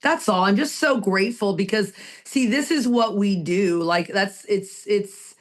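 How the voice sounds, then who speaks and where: A woman's voice: mid-range voice, unhurried. A woman co-hosting a recovery podcast, talking in an emphatic, heartfelt way and repeating her phrases for weight. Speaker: podcast co-host.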